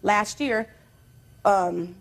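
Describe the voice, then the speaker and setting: A woman plaintiff recounts events at length before a judge. She tells her story in a rambling, animated way, piling detail on detail. Her delivery is plain courtroom testimony. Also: medium pitch, drawn-out words.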